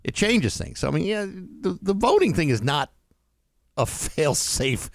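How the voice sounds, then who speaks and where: A man's voice: on the high side, big pitch swings, unhurried, gravelly, no room sound, clean studio sound. A man co-hosting a morning radio show, chatting casually and reading a news item, sometimes stumbling over his words. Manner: stumbling restarts. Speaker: radio co-host and newsreader. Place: radio studio. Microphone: studio mic.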